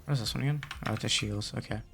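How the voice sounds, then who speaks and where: A man's voice: fairly low pitch, racing, gravelly, a bit bright, soft background music. A young man hosting a gaming channel, telling a story in casual slang with lots of fillers, then muttering along as he plays. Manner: muttering game commentary. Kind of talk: casual chat while playing a game.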